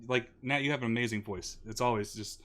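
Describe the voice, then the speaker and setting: This is a man hosting a relaxed interview, talking quickly at a middle pitch. He is enthusiastic and laughs easily between his points. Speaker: interview host. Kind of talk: casual interview chat.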